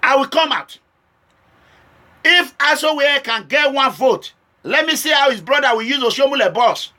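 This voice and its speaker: Impassioned Nigerian man, high and bright. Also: normal speed. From Edo State, Nigeria. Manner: impassioned, switching between warning and pleading. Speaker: political vlogger. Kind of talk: direct-to-camera political address.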